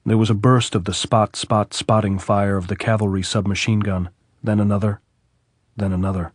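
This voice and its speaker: A man narrating a classic novel as an audiobook, in a steady, measured reading. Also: fairly low pitch, breathy edge, no echo, studio quality.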